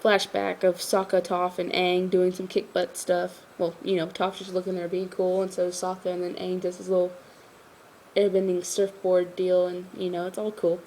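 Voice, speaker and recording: A woman's voice: fairly low pitch, monotone, normal speed, darkish tone, a little hiss or hum. Tired, rambling woman reviewer. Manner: rambling, full of "like" and "you know". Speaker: episode reviewer. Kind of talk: casual spoken review.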